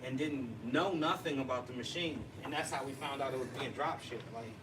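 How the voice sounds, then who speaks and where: A man hosting a casual livestream chat, chatty and excitable, laughing and teasing as he talks. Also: medium pitch, a little fast. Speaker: livestream host. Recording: distant mic with noisy background.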